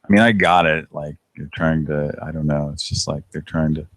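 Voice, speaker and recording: Deep-voiced laughing man hosting. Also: steady tone, moderate pace, no room sound. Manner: laughs often, rambling. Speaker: host of a prank call show. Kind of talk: casual live chat.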